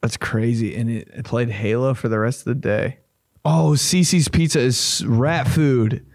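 A man's voice: mid-range voice, measured pace, creaky, darkish tone, no room sound. A man hosting a comedy podcast, riffing loosely and profanely, joking as he reacts, on a close mic. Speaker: podcast host.

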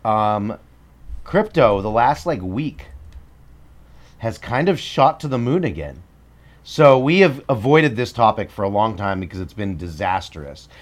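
A man's voice: lowish voice, lively intonation, unhurried. A man co-hosting a podcast in casual chat, making blunt, dismissive remarks and moving the show through its segments. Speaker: podcast co-host.

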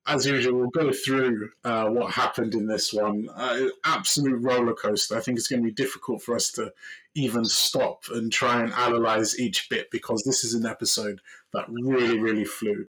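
A man's voice: mid-range voice, fairly even intonation, moderate pace, fairly bright tone, slightly rough, low-quality recording. A man hosting a podcast, chatting casually with frequent fillers. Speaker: podcast host. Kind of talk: casual chat.

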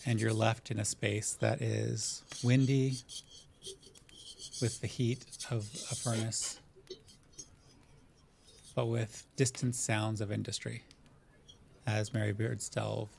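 A man narrating a tabletop game as game master, setting scenes in unhurried, descriptive detail. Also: on the low side, flat delivery, gravelly, a little mellow, slight background noise.

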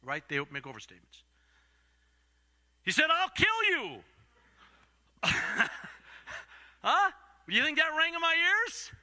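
An older man preaching a storytelling sermon, swinging from loud acted-out voices to hushed asides. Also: extremely high pitch, wildly swooping pitch, measured pace, long pauses. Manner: dramatic swings from loud to whispered.

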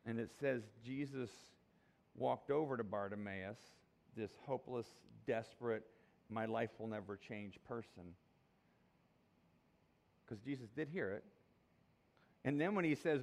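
A man's voice: medium pitch, moderate pace. A male pastor preaching a sermon in a conversational, jokey, emphatic way.

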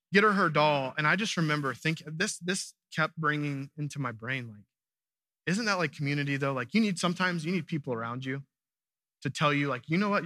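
A man's voice: medium pitch, pushed and bright, no echo. A man in his thirties preaching a sermon, telling a family story in a conversational way and acting out the lines of his wife and daughter. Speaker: pastor.

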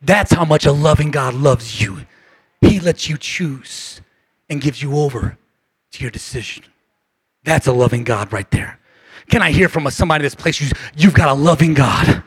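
A male pastor preaching a passionate sermon to his congregation, calling for responses and swinging between shouts and hushed lines, his voice going hoarse. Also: fairly high pitch, moderate pace, no echo. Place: church sanctuary.

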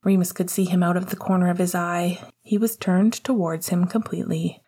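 A woman reading a story aloud in a soft, slow, hushed whispered narration. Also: lowish voice, steady tone, breathy edge. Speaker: audiobook reader.

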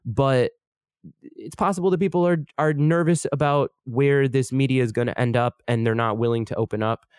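A man's voice: medium pitch, moderate pace, darkish tone, clear, resonant tone, no echo, studio quality. A man, a podcast producer, giving casual advice in a conversational way, rephrasing and restarting as he goes.

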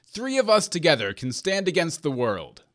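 A man's voice: on the high side, wildly swooping pitch, normal speed, a bit bright. A man reading a fairy tale, voicing a bold discharged soldier who leads a band of six with emphatic lines. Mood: rousing.

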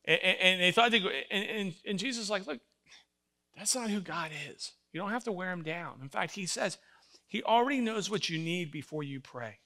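Older male pastor, animated sermon, bright high voice. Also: a little fast. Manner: animated storytelling, acts out voices, emphatic.

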